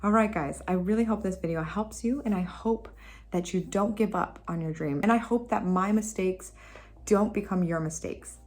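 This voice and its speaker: A woman's voice: mid-range voice, moderate pace, darkish tone, soft background music. A woman vlogger giving casual motivational advice, emphatic and repetitive, laughing at herself now and then. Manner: playful, laughs at her own impressions. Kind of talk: casual motivational talk to camera.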